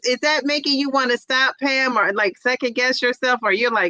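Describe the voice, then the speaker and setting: A middle-aged woman hosts a casual livestream and chats through viewer comments with frequent laughs. Her voice is fairly high and bright. The sound is close and dry. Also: fairly even intonation, normal speed, hardly any pauses, dry recording, lo-fi sound. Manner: chatty, laughs often, exclaims "Jeez Louise". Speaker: livestream host.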